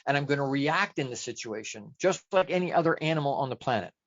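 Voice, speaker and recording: A man's voice: medium pitch, expressive, quick pace, dry recording. A man giving a motivational talk as a life coach, chatty and self-deprecating, who asks rhetorical questions and answers them himself. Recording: dull, dry lo-fi recording.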